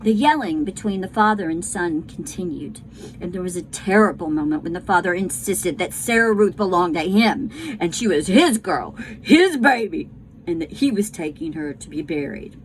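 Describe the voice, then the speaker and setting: A woman reading a children's book aloud to a class, tender and unhurried. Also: on the low side, expressive, slight background noise, low-quality recording. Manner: slow, tender storytelling.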